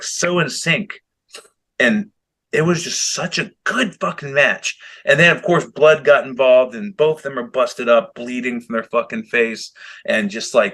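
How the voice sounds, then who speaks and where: Dude on a podcast hyping up a wrestling match, lots of swearing, bright punchy voice. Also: male voice, medium pitch. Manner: animated, heavy swearing, acts out quotes. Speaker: podcast co-host. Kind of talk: casual wrestling chat.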